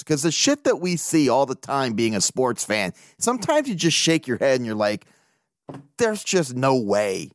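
Man, sports podcast host, casual rant, lively swinging pitch, dry close sound, swears a lot. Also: no room sound. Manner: animated, profane, laughs often. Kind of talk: casual sports talk monologue.

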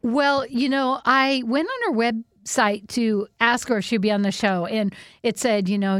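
A woman who hosts radio and a podcast, telling stories in casual chat with an animated, enthusiastic manner. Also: on the high side, a little slow, hardly any pauses, dry recording, studio quality. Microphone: studio mic.

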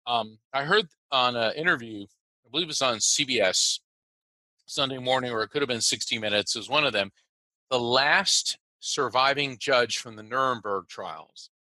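Male guest, American-born, very bright and crisp tone, animated storyteller who stumbles and restarts often. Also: mid-range voice, dry recording, low-quality recording. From United States. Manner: animated, halting with many restarts. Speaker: interview guest. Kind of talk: personal storytelling.

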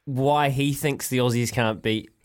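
Teasing New radio co-host. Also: male voice, medium pitch, steady tone, measured pace. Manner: teasing, wry. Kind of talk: sports radio banter.

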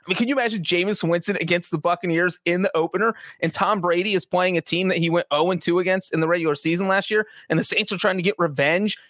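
Speaking fast and hardly pausing, a man with a high-pitched, slightly bright voice co-hosts a sports podcast. As a sports writer, he gives casual, chatty analysis, restarting often and wandering into asides. The audio has no echo.

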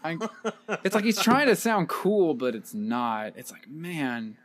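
A man's voice: a little high, big pitch swings, unhurried, a little hiss or hum. A man co-hosting a podcast, chatting casually with lots of hedging and giggles. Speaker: podcast co-host. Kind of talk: casual chat.

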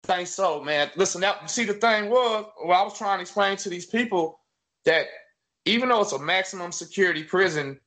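A man guest chatting casually and reminiscing in a relaxed, conversational way. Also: high voice, normal speed. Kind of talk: casual chat.

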